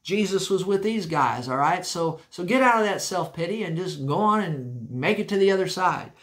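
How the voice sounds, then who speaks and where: Man preaching a sermon, high voice, emphatic, folksy, repeats himself, church setting. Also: animated, normal speed, fairly bright tone. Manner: emphatic and folksy, repeating key phrases, frequent restarts. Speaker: pastor.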